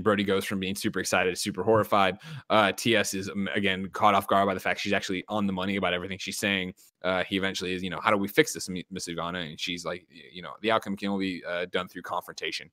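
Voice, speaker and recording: A man's voice: sits low, bright, forceful tone, no echo, clean studio sound. A man co-hosting a podcast, retelling a movie scene by scene in casual chat and acting out the lines. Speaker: podcast co-host recapping a movie.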